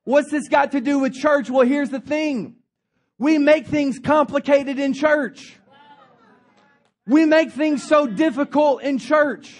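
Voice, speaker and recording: A young man preaching a sermon as pastor, telling stories in a humorous, animated way. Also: very high-pitched, slow pace, a faint crowd. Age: young adult.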